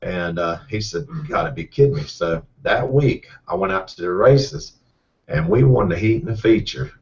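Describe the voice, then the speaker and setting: A middle-aged race car driver, telling a rambling, folksy story with repeated words. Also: male voice, fairly low pitch, expressive, moderate pace, a little mellow. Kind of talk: casual storytelling. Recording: distant, muffled mic.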